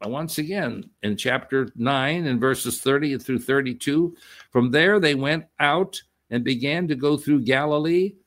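A man's voice: mid-range voice, measured pace, fairly bright tone. A man preaching and teaching from a Bible passage in a conversational way, stopping often to ask his listeners questions.

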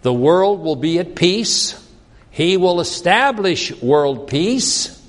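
A man's voice: sits high, lively intonation, takes it slowly. A man preaching a sermon in a conversational way, acting out the voices of the people he quotes. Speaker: pastor. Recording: long reverb in a hall.

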